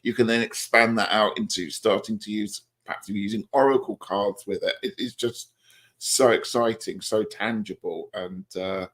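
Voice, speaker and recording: Lower-voiced guy cohosting a tarot stream, gets really into the stories. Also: steady tone, moderate pace, a bit bright. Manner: enthusiastic, storytelling. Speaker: tarot show co-host. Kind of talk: casual chat on a live stream.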